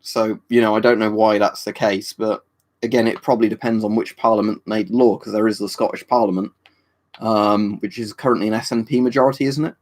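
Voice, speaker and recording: He's a man from the UK fielding viewers' questions on a livestream, low-voiced, steady and a little mellow. He talks a little fast, rambling casually and leaning on fillers and tag questions.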